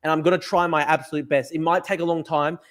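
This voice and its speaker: A man's voice: fairly high pitch, flat delivery, fast, a bit bright. Fired-up, swearing man. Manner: fired-up, profane, rambling. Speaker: livestream host. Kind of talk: casual livestream talk reading chat. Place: at a desk at home. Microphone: desk camera mic.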